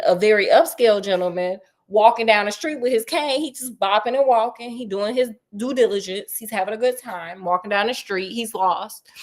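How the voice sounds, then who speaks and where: A woman retelling a classic story in a casual, comic way, animated and slangy, talking right to her audience. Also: a little high.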